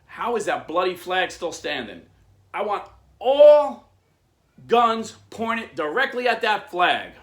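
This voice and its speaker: A man's voice: medium pitch, animated, normal speed, echoey room, close to an everyday voice. A man voicing an angry British naval captain in a retold story, blustering and scornful. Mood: furious.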